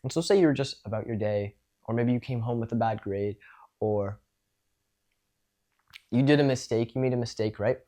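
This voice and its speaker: A man's voice: mid-range voice, moderate pace, long pauses, mellow. A man teaching social skills in a casual spoken lecture, talking things through and demonstrating tones of voice.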